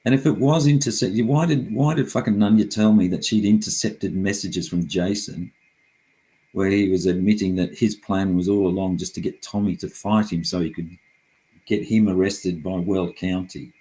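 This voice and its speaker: A man's voice: deep voice, steady tone, moderate pace, warm tone, low-quality recording. A middle-aged man talking casually and heatedly, frustrated and swearing often as he rambles through his complaints.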